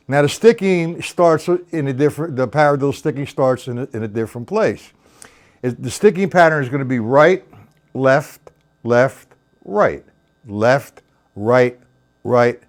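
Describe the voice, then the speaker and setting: Slow, patient man teaching drums. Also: fairly high pitch. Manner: counts rhythms aloud and speaks stickings in a steady, patient way; addresses viewers by name. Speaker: drum teacher. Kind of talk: live-streamed drum lesson. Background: drum kit.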